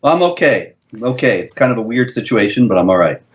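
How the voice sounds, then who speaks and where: Measured male guest on a dull line. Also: mid-range voice, big pitch swings, noisy background. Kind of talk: interview answers.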